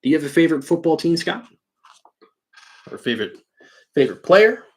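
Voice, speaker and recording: A man's voice: a little high, very animated, fairly quick, a little hiss or hum. A man from New York hosting a live card-break stream, chatting casually and thinking aloud while he opens packs. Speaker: livestream card-break host. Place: indoor card-break studio.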